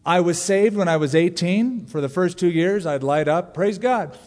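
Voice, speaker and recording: A man in his forties preaching a sermon to a congregation, joking and animated, leaning hard into emphasis. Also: high-pitched, normal speed. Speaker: pastor. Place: large church sanctuary. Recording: long reverb of a large church hall.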